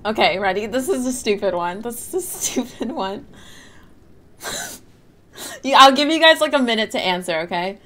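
A woman's voice: on the high side, expressive, normal speed, pauses often, bright, forceful tone. Giggly woman streaming a game. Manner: giggly, breaks into helpless laughter. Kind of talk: casual live gameplay chat with viewers. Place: her bedroom at home.

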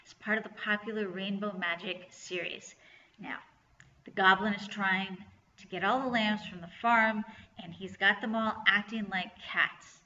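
Woman librarian, children's read-aloud, bright and clear; echoey room. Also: medium pitch, unhurried. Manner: clear, lively storytelling. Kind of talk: children's story reading. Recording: echoey room, slightly dull sound.

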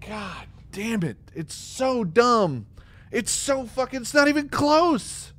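High-voiced man ranting at a game. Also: big pitch swings, slow, fairly bright tone, no echo. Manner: exasperated, profane, sarcastic. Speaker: streamer. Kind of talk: ranting live game commentary.

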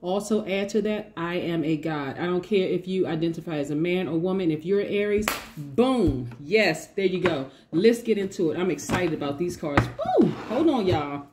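A woman giving a lively tarot reading, talking casually to her viewers and hyping them up with affirmations. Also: on the low side, normal speed, few pauses, background noise. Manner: lively, hypes viewers with call-and-response affirmations; casual, says y'all, laughs often. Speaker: tarot reader. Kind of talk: energetic motivational tarot reading.

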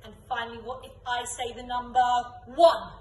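A young woman teaching an online children's drama and dance class, calling out game commands loudly and brightly. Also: on the high side, flat delivery, fast, slight background noise. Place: dance studio room. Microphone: camera from a distance. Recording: echoey room, voice from far off.

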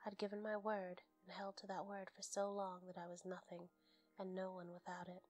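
Woman, whispered bedtime story narration, hushed and steady, flat monotone, faint music behind. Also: fairly low pitch, moderate pace.

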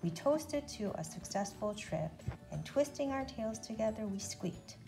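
A woman reading a children's book aloud in an expressive, lively narration. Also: on the high side, normal speed, vocal fry, music in the background. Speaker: storybook reader.

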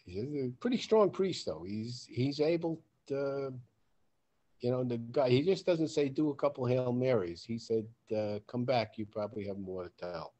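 A man's voice: mid-range voice, normal speed. A man hosting a podcast, telling a story with lots of swearing and acting out both sides of the conversation. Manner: animated, acts out quoted dialogue in a raised voice; swears casually. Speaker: podcast host.

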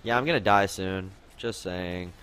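A young man commentating on his own gameplay, excitable, yelping and complaining at the game as he plays. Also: deep voice, a little slow, a little hiss or hum. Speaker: gaming commentator.

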